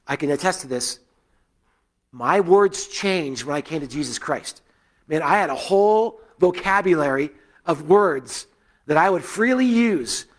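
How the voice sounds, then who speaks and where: A middle-aged pastor with a fairly high-pitched voice preaches a sermon built on personal stories. His delivery is loose and conversational, with frequent fillers and restarts.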